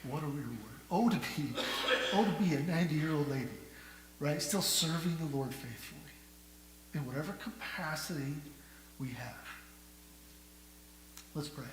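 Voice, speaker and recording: Animated preacher man in echoey hall. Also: a little high, normal speed, long pauses. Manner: animated preacher with rhetorical questions, from quiet to loud. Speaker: pastor. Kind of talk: sermon. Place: church sanctuary. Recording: echoey church hall with faint hum.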